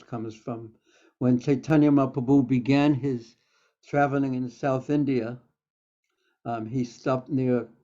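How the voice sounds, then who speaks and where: A man's voice: medium pitch, dark tone. A man teaching a class on scripture, telling stories and quoting verses with occasional fillers. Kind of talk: scripture lecture. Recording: dull, lo-fi lecture recording.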